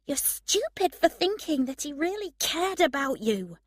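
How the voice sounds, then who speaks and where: Woman doing a proud young woman, sharp-tongued, high and emphatic, storybook reading. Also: sing-song, measured pace, no room sound, clean studio sound. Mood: angry.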